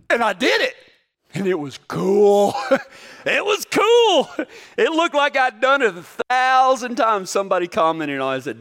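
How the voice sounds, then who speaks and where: A man in his forties delivers a folksy, joke-filled storytelling sermon at a moderate pace. His high voice swings widely up and down with a bright, forceful edge, and his manner is animated throughout.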